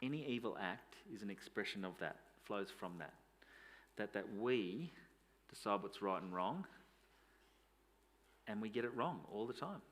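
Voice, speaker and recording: A man's voice: fairly low pitch, lively intonation, measured pace, pauses often, fairly bright tone. A man, a pastor preaching a sermon in a conversational way, asking rhetorical questions.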